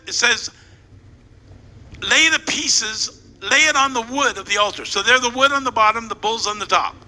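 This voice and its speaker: Through a stage mic in a church hall, a pastor playfully retells a scripture story, directing volunteers and joking with the crowd. His very high voice sounds pushed and bright, and the large hall gives a long echo with faint noise.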